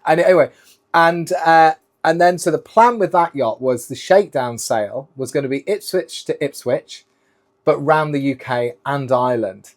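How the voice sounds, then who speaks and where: A middle-aged man from the United Kingdom, a keynote speaker and former sailor, appears as a guest in a casual interview. He tells long, rambling stories strung together with "and then," in a voice on the high side at a moderate pace.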